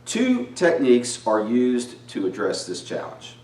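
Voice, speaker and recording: A man from South Carolina, giving a relaxed, folksy finance lecture. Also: medium pitch, a little slow. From Charleston, South Carolina. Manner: relaxed, folksy, talks to students. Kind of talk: recorded lecture. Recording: roomy, slightly distant mic.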